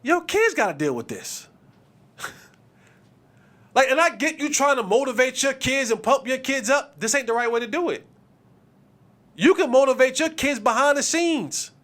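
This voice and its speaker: High pitched guy going off on a sports podcast, lots of slang, keeps repeating himself. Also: animated, moderate pace, pauses often, fairly bright tone. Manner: emphatic, repetitive, street slang. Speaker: podcast host.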